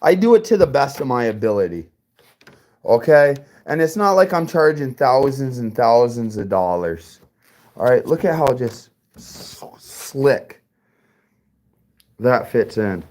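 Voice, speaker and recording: A man's voice: medium pitch, very animated, unhurried, a little mellow. A man giving a casual workshop build tutorial as a car audio installer, chatty and profane, talking straight to his viewers.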